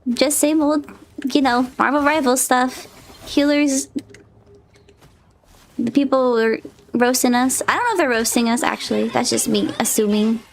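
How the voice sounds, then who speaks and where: High-pitched excitable woman streaming a game. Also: normal speed, vocal fry, pauses often, a little hiss or hum. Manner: excitable, squealing and laughing during play. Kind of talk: live gameplay stream chatter. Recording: game music behind. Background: game music and sounds.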